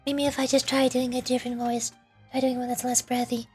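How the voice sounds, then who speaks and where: A woman's voice: on the high side, flat delivery, brisk, husky, faint music behind. A woman streamer chatting casually about doing voices, self-commenting and laughing often. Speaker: voice-acting streamer.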